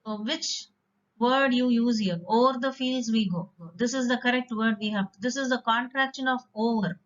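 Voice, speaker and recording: A woman teaching an English vocabulary lesson, explaining patiently with occasional fillers. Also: a little high. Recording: dull lo-fi recording.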